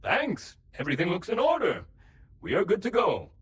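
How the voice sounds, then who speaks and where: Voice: medium pitch, huge pitch swings, moderate pace, slight background noise. An actor voicing an AI assistant showing off an alternate voice in a video game. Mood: showy.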